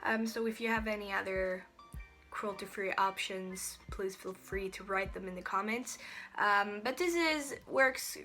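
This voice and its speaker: A woman's voice: medium pitch, level tone, unhurried, bright, forceful tone, soft background music. A young woman with a Swedish accent, chatting casually through a review of used-up beauty products and often restarting her sentences. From Sweden. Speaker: beauty vlogger.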